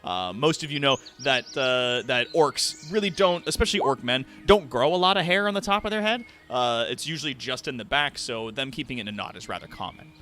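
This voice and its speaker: A man's voice: medium pitch, lively intonation, a little fast, hardly any pauses, bright, forceful tone, faint music behind. Laid-back man running a tabletop game. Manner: casual, swearing, laughs often, many fillers. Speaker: dungeon master.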